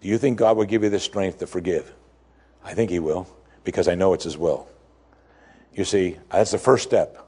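A man with a husky, slightly breathy voice delivers a sermon as a pastor, retelling a parable in an animated way. He climbs high and loud to stress a point, then drops to a quiet, low murmur for the lesson. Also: moderate pace, long pauses.

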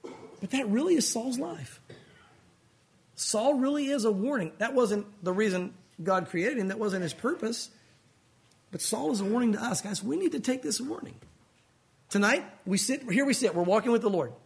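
A man's voice: normal speed, gravelly, slightly rough. A man preaching a sermon as a pastor, earnest and pleading, often rising and dropping his voice for emphasis. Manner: earnest, pleading, rises and falls in pitch for emphasis.

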